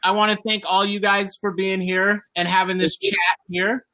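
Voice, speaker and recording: A man's voice: high voice, level tone, moderate pace, pushed and bright. A man giving grateful thanks in a casual group Q&A on a video call.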